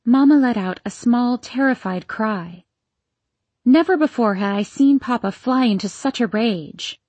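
A woman narrating a first-person story in a measured, expressive way, with a slightly breathy voice. The recording is close and dry. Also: a little high, no echo. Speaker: audiobook narrator.

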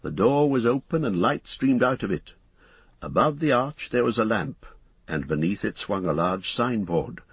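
A man narrating a book aloud, in a husky voice with measured, descriptive storytelling. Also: lowish voice, animated, no room sound. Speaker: audiobook narrator. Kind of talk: scripted narration.

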